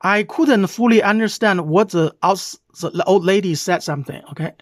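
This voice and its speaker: Reacting to a clip at normal speed in a mid-range voice, this Chinese-accented commentator explains it one word at a time. He keeps throwing out an accusatory, heated "okay?"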